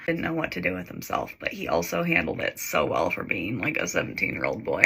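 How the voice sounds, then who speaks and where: A woman's voice: a bass voice, huge pitch swings, fast, gravelly, hardly any pauses, pushed and bright, husky. A woman in her twenties casually telling a personal story, chatty with lots of "like" fillers.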